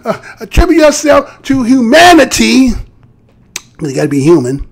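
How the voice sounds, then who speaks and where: A man hosting a live stream, giving heated, profane commentary and mocking voices. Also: extremely high pitch. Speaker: live show host.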